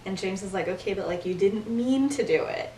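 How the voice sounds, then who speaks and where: A woman's voice: mid-range voice, brisk, recorded from a distance, a little hiss or hum. Young woman retelling a story in an echoey room. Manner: animated, acts out characters' lines, laughs often. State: has the hiccups. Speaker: podcast host retelling a fan story. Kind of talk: casual storytelling chat. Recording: echoey room, voice a bit off-mic.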